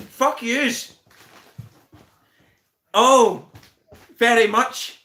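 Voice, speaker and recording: Bright, high Northern Irish man. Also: unhurried, reverberant. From Northern Ireland. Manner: laughs constantly, swears, teases viewers by name. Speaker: live stream host. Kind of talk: casual live stream banter.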